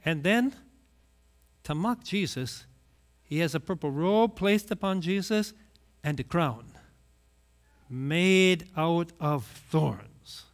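Animated, high-voiced male preacher. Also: slow pace, long pauses. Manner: storytelling, acts out quoted voices. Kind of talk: sermon.

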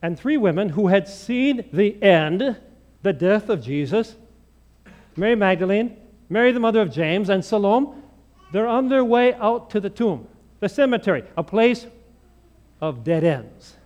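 A male preacher giving a sermon, telling stories in an animated way and acting out the dialogue. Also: high-pitched, measured pace, dull audio. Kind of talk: sermon storytelling.

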